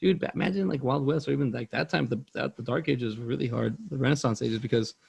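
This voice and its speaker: Podcast host, male, gravelly fry in the voice, loose rambling delivery, casual film talk. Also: mid-range voice, fast, a little mellow. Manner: rambling, loose, says "like" and "dude" a lot. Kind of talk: casual movie chat.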